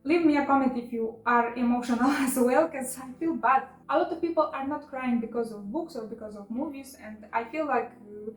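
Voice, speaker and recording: A woman's voice: high-pitched, brisk, few pauses, echoey room, faint music behind, rough recording. A woman with chatting casually in a book haul video, emotional and laughing often with many fillers. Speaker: book vlogger.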